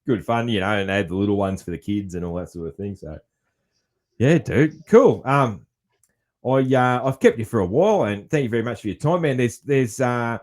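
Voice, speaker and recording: A man's voice: mid-range voice, expressive, a little fast, darkish tone. A man with an Australian accent hosting a podcast, telling stories in a laid-back, rambling way. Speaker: podcast host. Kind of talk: casual interview chat.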